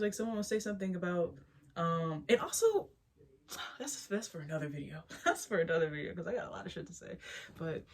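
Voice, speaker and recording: A young adult woman talking casually to camera as a spiritual vlogger, rambling, animated, laughing often and restarting her sentences. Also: lowish voice.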